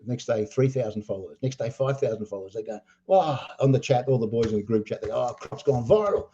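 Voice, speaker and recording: An older Australian man, a poker player, telling animated anecdotes full of acted-out quotes. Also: lowish voice, very fast, muffled recording. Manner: animated storyteller acting out quotes, laughing. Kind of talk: storytelling anecdotes.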